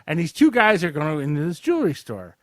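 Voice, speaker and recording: This is a brisk, fairly high-voiced man co-hosting a podcast, heard in clean studio sound with no room echo. Chatting casually about a movie, he retells the plot with energy and mimics characters in exaggerated voices.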